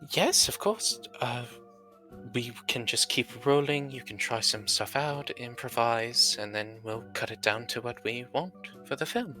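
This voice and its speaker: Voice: medium pitch, unhurried, sharp tone, soft background music. A player in a live-streamed tabletop role-play game, speaking formally in character and narrating in the third person.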